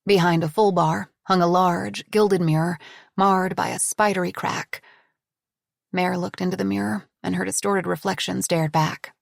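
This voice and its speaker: A woman narrating an audiobook in a measured, descriptive reading. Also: fairly low pitch, fairly even intonation, creaky, no room sound, studio quality. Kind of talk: scripted narration.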